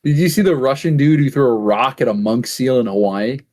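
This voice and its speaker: A man's voice: mid-range voice, expressive, fairly quick, a little mellow. A young man co-hosting a gaming podcast, chatting casually and rambling through jokes with frequent swearing. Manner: rambling, joking, swears often. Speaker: podcast co-host. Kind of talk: casual chat.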